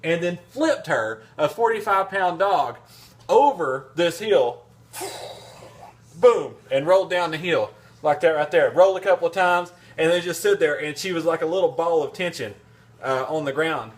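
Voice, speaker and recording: A man's voice: on the high side, lively intonation, normal speed. A man telling a casual, rambling anecdote in a vlog, full of restarts and fillers. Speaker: vlogger. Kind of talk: casual storytelling.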